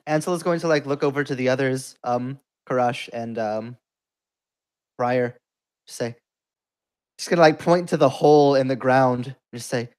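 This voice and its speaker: A man's voice: medium pitch, moderate pace, long pauses, a little mellow, clear, resonant tone. A man playing a tabletop game, describing his character's actions with a lot of hedging and fillers. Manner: hesitant, many fillers. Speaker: player.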